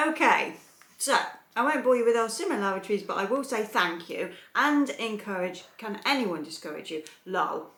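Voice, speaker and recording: A woman's voice: mid-range voice, animated, moderate pace, a bit bright, roomy sound. A woman vlogging as she unboxes a gift, chatting casually, gushing and laughing often. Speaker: soap maker vlogger.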